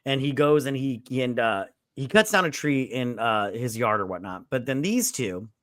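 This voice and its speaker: A man's voice: medium pitch, lively intonation, moderate pace, a bit bright, no room sound, clean studio sound. A man casually retelling movie scenes on a podcast, rambling with lots of fillers and swearing. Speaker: podcast co-host. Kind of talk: casual movie review chat.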